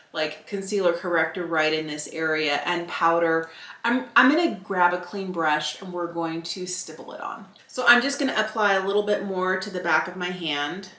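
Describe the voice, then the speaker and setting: A woman's voice: on the low side, a bit bright. A woman in her fifties doing a casual makeup product review, candidly thinking aloud as she applies each item. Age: 50s. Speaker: beauty vlogger. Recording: roomy echo.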